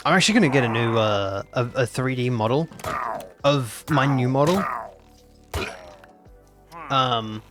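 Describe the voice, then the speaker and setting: A man's voice: mid-range voice, animated, unhurried, long pauses, over music. A nineteen-year-old man, chatting casually and teasingly as a game streamer reacting to his chat. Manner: playful and teasing, repeats himself.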